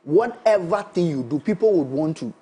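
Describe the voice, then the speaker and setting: A man with a Ghanaian English accent arguing his point deliberately as a panelist in a studio discussion. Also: slightly rough. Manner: deliberate, argumentative, lively pitch swings. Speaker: show panelist.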